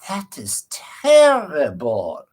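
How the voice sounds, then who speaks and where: A man voicing an old male cardiologist who gives calm, measured advice in a slow, deliberate way. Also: a little high, husky, pitched above the performer's own voice, full character voice.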